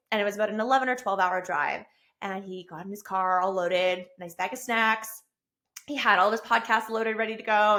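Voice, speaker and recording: A woman in her thirties hosting her own podcast, talking casually and enthusiastically. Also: medium pitch. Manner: enthusiastic, effusive, rising to excited bursts. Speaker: podcast host. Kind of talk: casual solo podcast monologue. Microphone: self-recorded with camera.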